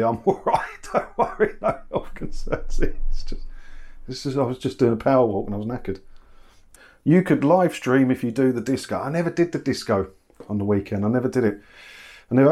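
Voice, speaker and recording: His voice is mid-range and a little mellow as this middle-aged YouTube host talks casually from his kitchen. Replying to viewers' comments, he pokes fun at himself and laughs a lot.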